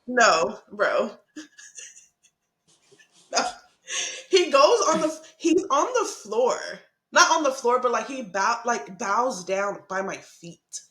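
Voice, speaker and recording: Young woman, podcast co-host, casual storytelling, higher voice, laughs a lot, echoey room. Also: slow, pauses often. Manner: animated, laughing, swearing, acts out quotes.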